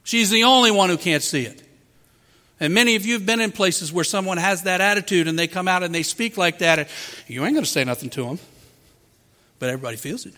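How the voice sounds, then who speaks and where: A man's voice: high voice, fast talker, pushed and bright. A man preaching a sermon as pastor, asking rhetorical questions and acting out quotes. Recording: long hall reverb.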